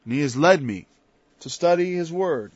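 A man's voice: fairly high pitch, animated, moderate pace, husky, no room sound. Emphatic preacher man, lo-fi sound. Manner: swings between quiet asides and loud emphatic preaching; quotes scripture in old-fashioned wording. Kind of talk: informal sermon. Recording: dull, lo-fi sound.

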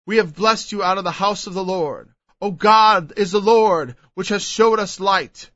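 A man's voice: high-pitched, a little slow, fairly bright tone, no room sound, lo-fi sound. A man preaching a Bible sermon, reading verses aloud and then explaining them with emphatic asides.

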